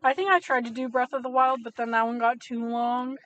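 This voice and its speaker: A woman co-hosting a podcast in casual chat, talkative and quick to laugh. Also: fairly high pitch, little pitch movement, fairly bright tone, highs cut off. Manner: chatty, laughs easily. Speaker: podcast co-host.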